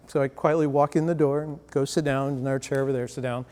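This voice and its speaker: A man's voice: medium pitch, fast. A man giving a sales presentation, telling a story to an audience, acting out the dialogue and asking the crowd questions. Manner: animated storyteller who acts out dialogue and asks the audience questions. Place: presentation hall. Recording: long hall reverb.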